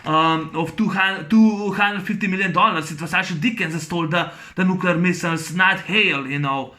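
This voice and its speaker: Rambling excited man, high bright voice. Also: fairly quick. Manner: rambling, many fillers and restarts, excited sound effects; laughs while recounting scenes. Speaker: movie reviewer. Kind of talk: casual movie review monologue.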